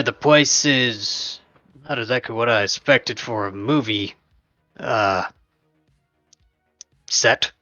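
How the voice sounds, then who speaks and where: A man playing in a tabletop game, recapping the last session in a slow, hesitant way with many fillers. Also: medium pitch, pushed and bright, no echo, highs cut off, faint music behind. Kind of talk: casual recap.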